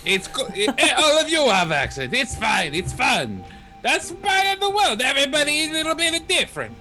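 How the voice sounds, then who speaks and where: A man voicing a male warlock with an odd, shifting accent, talking in a slow, exaggerated, sing-song way. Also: sits high, steady tone, pushed and bright, soft background music. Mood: playful.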